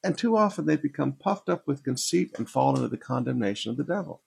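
A pastor teaching a sermon, reading scripture verses aloud and then explaining them in plain, direct words. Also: male voice, medium pitch, expressive, fast talker, vocal fry, slightly rough.

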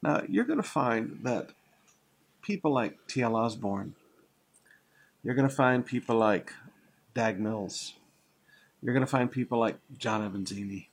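A man's voice: medium pitch, animated, measured pace, long pauses, slightly rough. An older man preaching a sermon, teaching through a Bible passage in a conversational way, with asides and repeated phrases. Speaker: pastor.

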